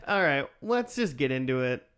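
A man's voice: mid-range voice, sing-song, moderate pace, a bit bright, clean tone. Man, podcast host. Loose, rambling storyteller in casual chat. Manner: rambling, full of "like".

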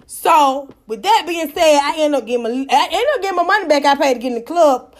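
A woman telling a personal story in casual, profane, animated talk. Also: high voice, fairly quick.

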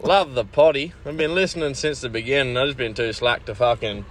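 A man's voice: mid-range voice, brisk. Blokey Australian man leaving a voice memo. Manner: laid-back, swears freely, blokey banter. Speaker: listener calling in by voice message. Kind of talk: casual voice message.

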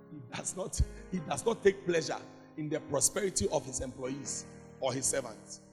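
A man's voice: on the high side, lively intonation, unhurried, music in the background. A man, a pastor, preaching a sermon in an emphatic, repetitive way that swells into chanted prayer. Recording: long hall reverb.

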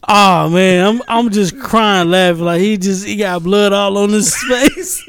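A man's voice: high-pitched, unhurried, slight background noise. A man telling a funny story in casual chat, laughing often and repeating himself.

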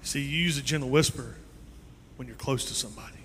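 A male pastor preaching a sermon in a church sanctuary. His delivery is animated and swings between loud and soft. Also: mid-range voice, fast talker, a little hiss or hum. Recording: long reverb in a large hall.

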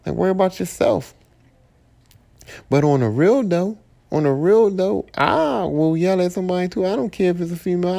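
Male podcast host, gravelly and dark-toned, blunt profane AAVE rant. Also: a little high. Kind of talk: solo podcast monologue.

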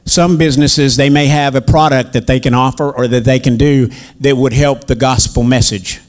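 A man's voice: medium pitch, steady tone, moderate pace. A man preaching a sermon, telling folksy stories with asides to the congregation before reading scripture. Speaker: minister and teacher.

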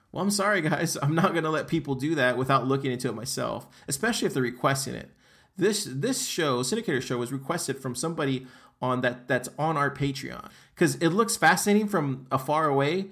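A man's voice: mid-range voice, a bit bright. A man hosting a crypto podcast, ranting with heavy profanity and an exasperated, heated delivery while reading website text aloud. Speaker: podcast host.

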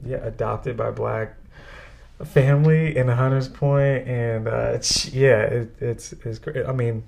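A man from the Bay Area telling a funny story on a podcast, animated and full of fillers, laughing often. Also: mid-range voice, slow pace, creaky. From San Francisco Bay Area. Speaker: podcast co-host. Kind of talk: casual storytelling chat.

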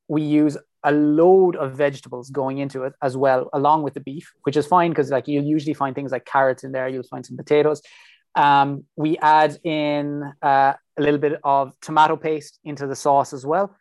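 A man's voice: a little high, darkish tone, no echo, studio quality. A young man from Ireland, a PhD researcher, chatting casually in an interview with lots of fillers and restarts. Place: home.

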